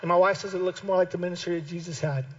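A male pastor preaching a sermon with passion, repeating key phrases and building to shouted calls to keep going. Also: high voice, steady tone, racing. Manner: impassioned, builds to shouted exhortation. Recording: dull lo-fi recording.

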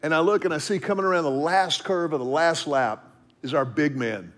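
A middle-aged man from Texas telling a story in a devotional talk, dropping to a hush for asides. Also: a little high, fairly quick. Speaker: speaker.

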